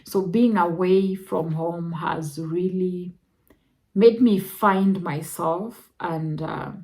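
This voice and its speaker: A young woman with a Kenyan accent recounts her own story on a vlog, unhurried and measured. Her voice sits low for a woman, yet it leaps up in emotional, animated exclamations. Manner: emotional, animated retelling with sudden high exclamations. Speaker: vlogger.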